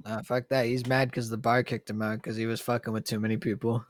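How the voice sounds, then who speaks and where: A man's voice: mid-range voice, flat delivery, quick pace, no echo. A young man with a mid-range voice, talking in slang and circling his point with lots of fillers. The recording is dry and close-miked. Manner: slangy, rambling, filler-heavy. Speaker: podcast co-host. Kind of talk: casual chat.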